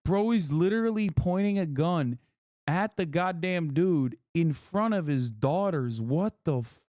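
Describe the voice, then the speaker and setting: Man, 30s, stream reactor; incredulous, blunt delivery, slightly high, dry booth sound. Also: animated, measured pace, warm tone, dry recording. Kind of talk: casual reaction commentary.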